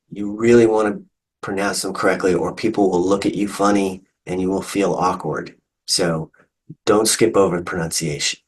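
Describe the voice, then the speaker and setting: A man's voice: on the low side, husky, poor audio. A male instructor explaining terms patiently in a recorded online lecture. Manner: patient, explanatory, with fillers and restarts.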